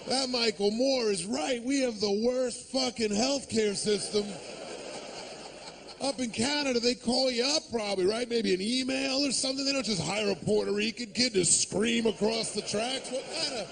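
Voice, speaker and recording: A man doing a stand-up routine on a club stage, ranting sarcastically and acting out shouted street voices on a handheld mic. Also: extremely high pitch, moderate pace, creaky, noisy background. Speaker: stand-up comedian.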